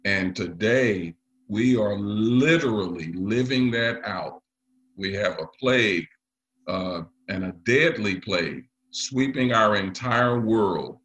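A man preaching a sermon to his congregation, often pausing with fillers. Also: on the low side, animated, fairly bright tone, low-quality recording. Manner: leads the congregation in call and response; halting, with frequent pauses and fillers. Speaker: pastor.

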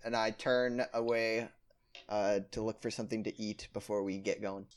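A man's voice: fairly low pitch, steady tone, moderate pace. A man playing a tabletop game, joking and laid-back. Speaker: player. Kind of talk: casual tabletop play.

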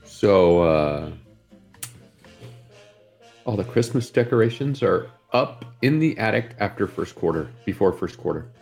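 A man's voice: on the low side, animated, measured pace, pauses often, darkish tone, soft background music. A man co-hosting a casual morning show, talking plainly and hesitantly with fillers. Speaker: co-host.

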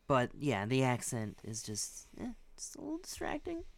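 A man's voice: medium pitch, wildly swooping pitch, moderate pace, creaky, no echo. A man co-hosting a podcast, chatting casually and rambling, hedging with many restarts. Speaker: podcast co-host. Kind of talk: casual chat.

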